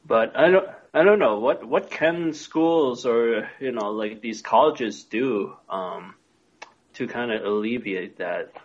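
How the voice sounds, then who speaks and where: A man's voice: medium pitch, slow pace, breathy edge. A man co-hosting a casual discussion, hesitant and full of "you know". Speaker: podcast co-host. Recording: dull lo-fi recording.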